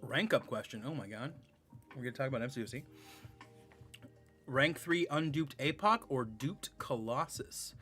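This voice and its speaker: A man's voice: medium pitch, lively intonation, normal speed, pauses often, fairly bright tone, faint music behind. A man in his thirties chatting casually while streaming a game, rambling, sarcastic and laughing often. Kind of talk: casual live-stream chat.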